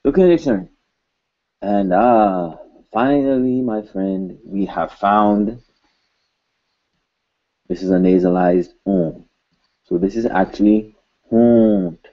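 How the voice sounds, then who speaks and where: A man teaching a video lesson in a slow, unhurried way, with a lowish voice. He repeats words patiently and slips in dry jokes. The sound is a little dull and lo-fi. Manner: patient, joking asides, repeats words slowly. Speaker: language teacher.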